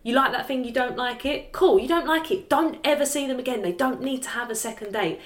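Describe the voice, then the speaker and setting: A woman, co-hosting a casual chat podcast, animated and quick to swear and laugh. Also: high voice. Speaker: podcast co-host.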